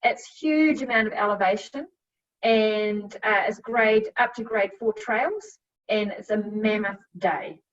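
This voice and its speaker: A middle-aged woman with a New Zealand accent telling her story as a podcast guest, chatty and quick to laugh, with plenty of fillers. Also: medium pitch. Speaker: guest, cycle coach. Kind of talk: casual storytelling. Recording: dull, a bit distant from mic.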